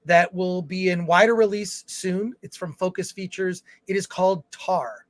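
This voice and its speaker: A man's voice: high voice, no echo. A man co-hosting a film review livestream, reading viewer comments aloud in casual chat with fillers and restarts. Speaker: film review show co-host.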